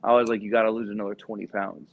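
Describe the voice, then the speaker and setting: Man telling a lively profane story. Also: fairly low pitch, racing, creaky. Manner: animated, profane, acts out quoted voices. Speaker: podcast guest, former Marine recruiter. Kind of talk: casual storytelling. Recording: dull lo-fi podcast audio.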